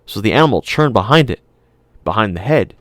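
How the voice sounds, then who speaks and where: A man reading an audiobook aloud in calm, measured scripted narration. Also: fairly low pitch, no room sound, studio quality.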